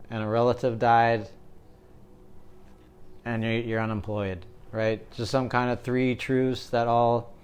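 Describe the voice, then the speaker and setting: A man's voice: medium pitch, a little mellow, clear, resonant tone. Joking, rambling man reading tarot. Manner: joking, rambling, keeps asking "right?". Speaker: tarot reader.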